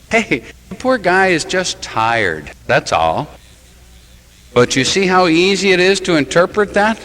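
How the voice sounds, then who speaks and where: Male priest, sermon, slow unhurried delivery, lively rising and falling pitch, wry asides. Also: low-quality recording. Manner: animated, rhetorical questions and wry self-mocking asides. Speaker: Catholic priest. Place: church.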